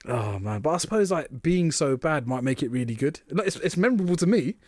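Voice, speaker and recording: A man co-hosting a podcast in casual chat, excitable, laughing often and swearing casually. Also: on the high side, brisk, no room sound, studio quality. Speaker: podcast co-host.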